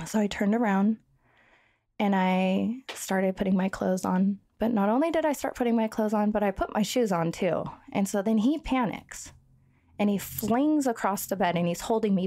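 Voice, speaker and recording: A woman with a gravelly, fry-edged voice at a middling pitch tells a hard personal story as a podcast guest. Her speech is halting and full of fillers and restarts, and it stays earnest and shaken throughout. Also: darkish tone. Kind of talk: recounting a personal story in conversation.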